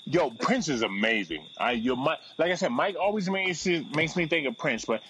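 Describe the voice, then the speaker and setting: A man's voice: on the high side, sing-song, moderate pace, a crowd in the background, rough recording. A man hosting a podcast in casual chat, brash, profane and opinionated. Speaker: podcast host.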